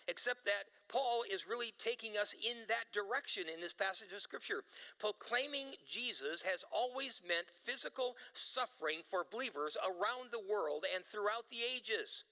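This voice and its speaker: Male pastor, emphatic sermon delivery, very bright tone, long church reverb. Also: high voice. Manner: emphatic preaching, stretches quoted lines slowly. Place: church sanctuary.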